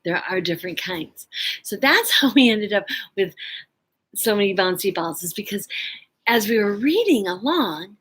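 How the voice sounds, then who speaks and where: A woman's voice: medium pitch, animated, normal speed, fairly bright tone, breathy edge, poor audio. A woman vlogger casually telling a personal story, rambling with lots of fillers and restarts. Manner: laughs often while telling a story.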